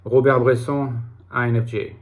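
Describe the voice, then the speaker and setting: Speaking at normal speed in a level, mid-range voice, a man hosts an online channel about personality types. He rambles reflectively to camera, restarting phrases and dropping fillers, and the audio sounds narrow and tinny.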